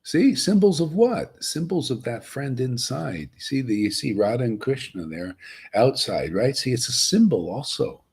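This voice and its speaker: A spiritual teacher with a mid-range, slightly rough and very animated voice gives an informal, emphatic talk to a group at normal speed. He's folksy, chuckles, and often asks "see?".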